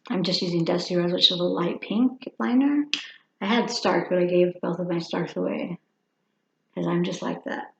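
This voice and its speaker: Her voice is lowish, creaky and a little mellow, belonging to a woman over fifty who rambles and talks to herself during a casual makeup tutorial. The audio is lo-fi and dull, captured in an echoey room.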